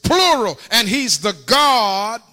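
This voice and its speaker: A man preaching a sermon in a church, repeating phrases in call-and-response and rising to shouts. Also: extremely high pitch, big pitch swings, slow pace. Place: church sanctuary. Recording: long hall reverb.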